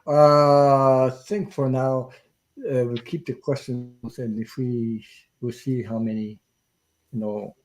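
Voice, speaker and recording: Male live-stream host, chatty and quick to laugh, middle pitch. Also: flat delivery. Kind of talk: casual live-stream chat.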